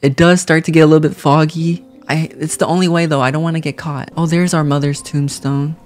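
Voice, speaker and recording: A young man doing lively game commentary, laughing often and jumping high in pitch when excited. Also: a little fast, soft background music. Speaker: gaming YouTuber.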